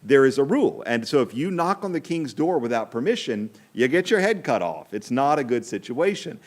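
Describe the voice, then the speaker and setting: A middle-aged priest retelling a Bible story on a podcast with wry, animated delivery. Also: male voice, medium pitch, brisk.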